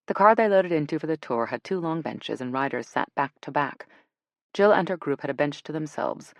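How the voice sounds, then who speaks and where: Gravelly low-voiced woman narrating. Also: no room sound. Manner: relaxed, expressive storytelling. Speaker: audiobook narrator. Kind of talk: scripted narration.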